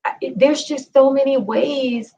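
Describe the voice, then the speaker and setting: A woman's voice: high-pitched, steady tone, a little slow, dark tone. Earnest woman chatting on a podcast, keeps repeating for emphasis, kinda dull audio. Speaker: podcast co-host. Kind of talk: casual conversation. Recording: slightly dull lo-fi sound.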